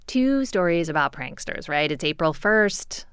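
A woman co-hosting a podcast, chatting casually in a relaxed way with fillers. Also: lowish voice, unhurried, smooth, dry recording, clean studio sound. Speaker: podcast co-host. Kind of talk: casual chat.

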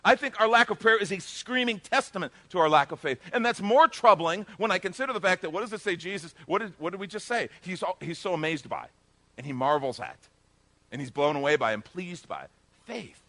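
Male pastor, middle-aged, sermon, bright forceful tone, chatty asides, gets loud on key points. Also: high voice, expressive, fairly quick, dry recording. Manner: conversational, jokey asides, swells loud for emphasis.

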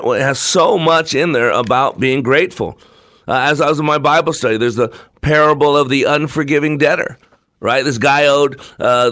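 A man's voice: mid-range voice, fairly bright tone, no room sound. A man hosting his own talk show, delivering an emphatic, repetitive, preacher-like monologue. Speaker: show host.

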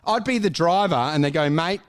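An Australian man, a comedian guest on a podcast, telling rowdy stories in casual chat, laughing and yelling out quotes. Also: sits high, animated, a little fast. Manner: rowdy storyteller who laughs and yells out acted quotes.

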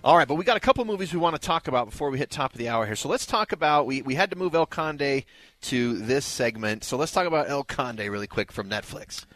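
A man's voice: medium pitch, animated, fast talker, fairly bright tone, no room sound. A man hosting a radio movie show in casual chat, reading listener texts aloud in an upbeat way.

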